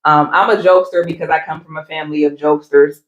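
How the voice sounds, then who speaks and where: A calm, laid-back woman talking casually and reservedly about her marriage. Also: low-pitched, fast talker, highs cut off. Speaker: wife, married guest. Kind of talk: casual conversation. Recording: echoey room.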